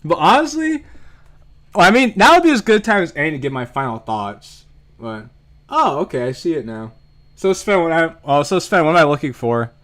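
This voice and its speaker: A man's voice: fairly high pitch, big pitch swings, a little fast, a bit bright. A man streaming a game, reading out comments and reacting with casual, profane commentary and frequent laughter. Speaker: gaming streamer. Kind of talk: casual let's-play commentary. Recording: faint music behind the voice.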